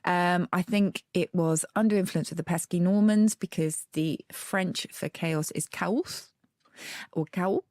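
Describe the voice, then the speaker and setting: Presentadora británica de mediana edad, voz algo grave, explica con entusiasmo, grabación seca de estudio. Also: female voice, lowish voice, steady tone, unhurried, darkish tone, dry recording, studio quality. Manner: enthusiastic, explanatory, fond of asides. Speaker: podcast co-host, word expert. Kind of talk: conversational explanation.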